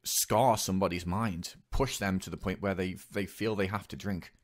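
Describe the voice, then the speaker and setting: A young man speaking in a hesitant, halting way, with many pauses and restarts, in a personal confessional monologue. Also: low voice, fairly even intonation. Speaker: vlogger.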